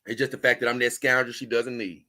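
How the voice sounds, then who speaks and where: A man's voice: mid-range voice, little pitch movement, fast, sharp tone. A man hosting a casual livestream, reading viewer comments and rambling on in loose, with chuckling asides. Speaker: livestream host.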